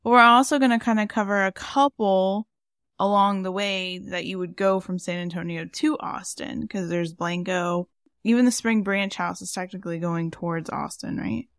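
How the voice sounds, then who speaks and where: A woman's voice: medium pitch, steady tone, moderate pace, clear, resonant tone, dry recording, studio quality. A woman co-hosting a podcast in casual chat, rambling with lots of fillers. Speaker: podcast co-host.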